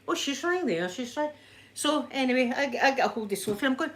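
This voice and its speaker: A woman with a Glaswegian accent chatting to live viewers in an animated way, a little breathless as she recovers from illness. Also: sits high, a little fast. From Scotland. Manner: chatty, animated storyteller, reads out chat names. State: a bit breathless after illness. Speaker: livestream host. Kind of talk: casual chat with live viewers.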